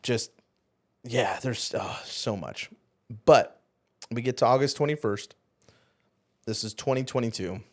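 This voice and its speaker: With a medium-pitched voice, a man who co-hosts a podcast and used to be a youth pastor recounts something painful from his past. He's earnest yet halting, and his words often drift off softly.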